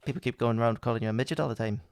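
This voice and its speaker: A man doing a clumsy put-on Irish accent in a quick, theatrical impression. The voice is gravelly yet smooth, and the sound is dry and close. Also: mid-range voice, darkish tone, no echo, lightly acted. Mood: mock gloomy. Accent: attempted Irish, put on.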